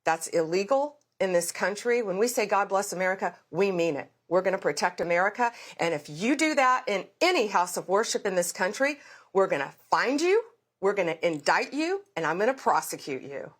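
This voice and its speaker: A woman's voice: medium pitch, expressive, a little fast. Emphatic middle-aged woman on a news interview. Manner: emphatic, vivid storytelling with repeated vows. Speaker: interview guest, government official. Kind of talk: forceful political interview answers.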